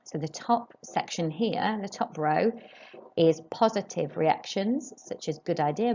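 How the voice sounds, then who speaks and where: A woman teaching a French lesson, modelling phrases slowly and clearly for pupils to repeat. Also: fairly low pitch, a little mellow, muffled recording, slight background noise. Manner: slow, clearly modelled French pronunciation with rising questions. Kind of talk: recorded classroom lesson.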